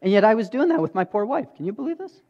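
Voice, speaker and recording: High-voiced man preaching in a reverberant hall. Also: sing-song, quick pace, gravelly, warm tone. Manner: earnest storytelling, acting out dialogue. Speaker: pastor. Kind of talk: sermon. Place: church sanctuary. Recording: dull audio with long hall reverb.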